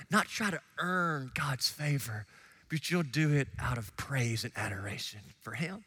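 A man preaching a sermon as pastor, swinging from hushed asides to shouted emphasis and quickly acting out the voices of listeners. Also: on the high side. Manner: acts out listeners and biblical figures in quick quoted asides.

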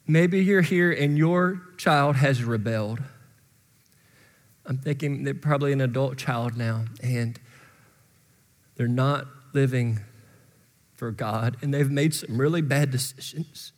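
Pastor preaching in a reverberant hall. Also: male voice, mid-range voice, slow pace, long pauses. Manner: conversational storytelling rising to impassioned exhortation. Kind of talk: sermon. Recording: long reverb in large hall.

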